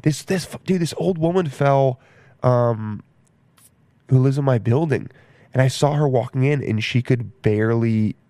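A man's voice: mid-range voice, a little mellow, dry recording. A young man rambling casually in a profane, self-mocking monologue as a podcast host.

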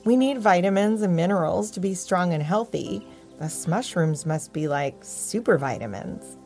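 A woman's voice: on the low side, expressive, moderate pace, a little mellow, faint music behind. A woman voicing a cheerful, laid-back young male puppy who talks in casual slang. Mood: breezy.

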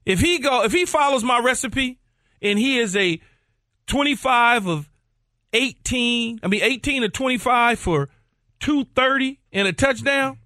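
A man's voice: very high voice, unhurried, sharp tone, dry recording, clean studio sound. A man co-hosting a sports radio show, arguing his point emphatically and repeating phrases to hold the floor. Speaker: co-host.

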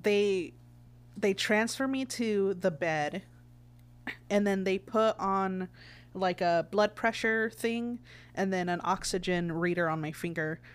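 A young woman chats casually with a friend, her voice sitting in an ordinary middle pitch. She bursts into giggles often and acts out the people in her story with animated energy. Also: slow pace, clear, resonant tone. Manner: giggly, animated retelling with acted quotes. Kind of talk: casual chat.

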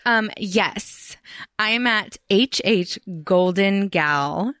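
A woman's voice: medium pitch, expressive, extremely slow, fairly bright tone, no room sound, clean studio sound. A young woman guest on a podcast, joking playfully and giving earnest encouragement. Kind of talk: casual podcast chat.

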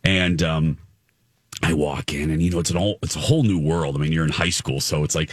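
A man's voice: a bass voice, a little fast, slightly rough, no echo, clean studio sound. A middle-aged man telling a rambling story in a casual chat, often correcting himself.

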